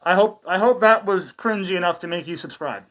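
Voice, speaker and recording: A man's voice: sits high, fairly quick, a bit bright. Male vlogger, foul-mouthed, sarcastic, casual commentary. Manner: crude, sarcastic, heavy swearing. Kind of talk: profane casual commentary rant.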